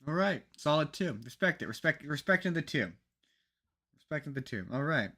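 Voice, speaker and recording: Canadian guy on a podcast, bright tense voice, rambly and jokey. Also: a little high, expressive, moderate pace. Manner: rambling, jokey, many restarts. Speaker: podcast co-host. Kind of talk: casual podcast chat.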